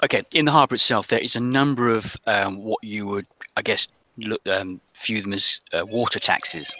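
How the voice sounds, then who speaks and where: A man narrating a tabletop game as game master, with a halting delivery full of ums. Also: lowish voice, bright, forceful tone, no room sound. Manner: hesitant, many ums.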